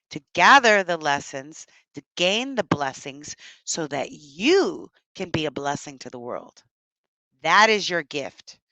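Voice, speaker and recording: A middle-aged woman leads a live-streamed workshop, talking in an effusive, gushing way with frequent exclamations. Her voice sits on the lower side. The sound is dry and close, with no room around it. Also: a bit bright, no echo, poor audio. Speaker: motivational speaker leading a live workshop.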